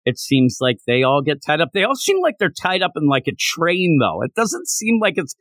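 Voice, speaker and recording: A man co-hosting a podcast, chatting casually about a manga chapter and acting out characters' lines in quick voices. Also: fairly high pitch, big pitch swings, a bit bright, dry recording. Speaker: podcast co-host.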